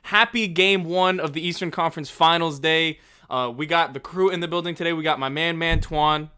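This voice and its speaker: A man's voice: fairly high pitch, moderate pace, pushed and bright, clear, resonant tone. A man hosting a casual sports podcast, upbeat and chatty. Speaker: podcast host.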